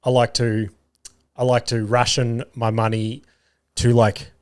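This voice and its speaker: An Australian man hosting a podcast, telling a self-mocking story in a casual, animated way and swearing often. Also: lowish voice. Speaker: podcast host. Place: home garage studio.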